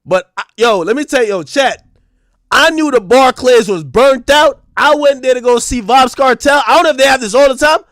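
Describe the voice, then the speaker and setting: A young man, live-streaming a casual, profane, animated rant to his chat and breaking into loud outbursts. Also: very high voice, moderate pace, no room sound, clean studio sound.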